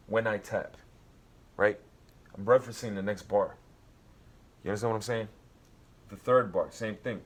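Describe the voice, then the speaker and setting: A man teaching rap writing in a casual way, explaining slowly and counting out beats and syllables. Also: fairly low pitch, steady tone. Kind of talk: casual instructional talk.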